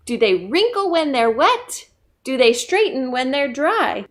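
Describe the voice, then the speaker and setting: A woman, a children's librarian, leading a pre-k story time and talking directly to small children in a playful, encouraging way. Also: high voice. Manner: playful, acts out animals.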